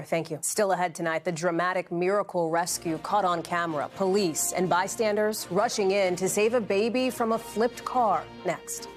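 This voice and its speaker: A woman anchoring a national evening newscast in a polished, scripted delivery. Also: medium pitch. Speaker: news anchor.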